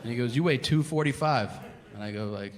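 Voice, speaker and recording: A man doing a stand-up comedy set, telling stories with animated, yelled impressions. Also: medium pitch, brisk. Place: comedy venue stage. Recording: live venue with long reverb and audience noise.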